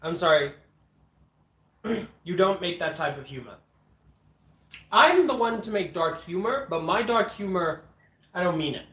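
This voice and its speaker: A man streaming from home with his dogs, chatting casually as he eats, blunt and opinionated, clearing his throat often. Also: sits high, animated, measured pace, long pauses, fairly bright tone. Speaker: streamer eating on camera and answering chat. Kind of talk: casual rambling chat and rant. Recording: echoey room.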